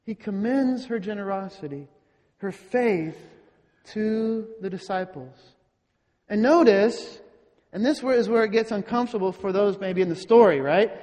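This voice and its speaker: A man with a strikingly high-pitched voice delivers a sermon in a church, taking his time and posing rhetorical questions to the congregation. His words ring out with a long reverb in a large hall. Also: darkish tone. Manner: slow, deliberate preaching with rhetorical questions. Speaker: pastor.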